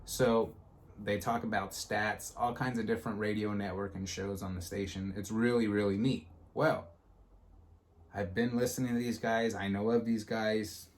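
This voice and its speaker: A man hosting a podcast, telling a story in casual chat and acting out the quotes with lively energy. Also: on the low side, normal speed. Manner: animated, acts out quotes in a storytelling style. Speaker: podcast host.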